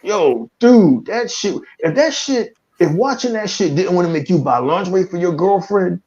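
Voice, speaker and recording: Over dull, lo-fi stream audio, this Philly-area podcast co-host sits high in pitch and talks at normal speed. He spins animated, foul-mouthed stories in casual chat, breaking into impressions along the way.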